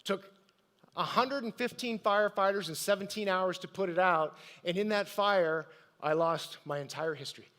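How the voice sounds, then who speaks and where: A man with a notably high voice gives a live motivational talk. He tells personal stories and throws questions out to his audience. He sounds middle-aged and practiced at speaking from a stage. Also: normal speed, a bit bright. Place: event stage.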